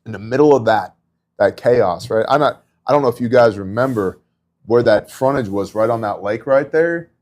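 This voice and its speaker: A middle-aged podcast host who volunteers in disaster relief tells stories from that work during a casual faith conversation. His medium-pitched voice is a little mellow and moves at a moderate pace, earnest and chatty with many asides.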